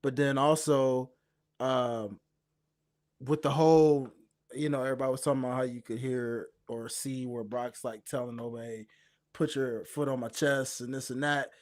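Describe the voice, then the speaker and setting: A man co-hosting a casual podcast, talking emphatically and stretching out his words when he makes a point. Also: medium pitch. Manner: animated, emphatic, drawn-out rants. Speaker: podcast co-host. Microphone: webcam setup from home.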